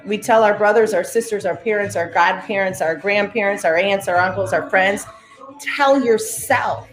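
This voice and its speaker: A woman's voice: mid-range voice, moderate pace. Woman, guided breathwork coach, commanding and upbeat, roomy room, faint music behind. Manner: motivational, commanding, repeats cues. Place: live-streamed session in a roomy space.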